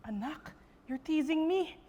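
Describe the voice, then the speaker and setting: A woman's voice: high-pitched, expressive, unhurried, slight background noise. A woman playing a tender old mother. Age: older. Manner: gentle, tender, mixing in Tagalog words. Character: elderly Filipino mother, tender and self-deprecating. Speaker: mother in a stage scene. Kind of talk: student theater acting.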